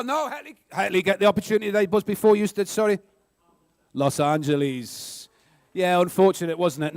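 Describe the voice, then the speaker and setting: Male NZ quiz host, very high pitch, quick joking delivery, dry recording. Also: no room sound. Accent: New Zealand. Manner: brisk, joking, sarcastic asides. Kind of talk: live school quiz hosting.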